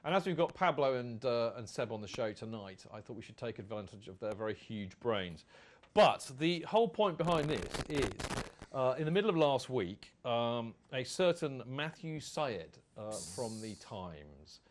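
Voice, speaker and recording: A man's voice: mid-range voice, big pitch swings, moderate pace, slight background noise. A man hosting a casual fan podcast, chatty and rambling, reading out quotes. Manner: rambling, chatty, does comic voices when quoting. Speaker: podcast host.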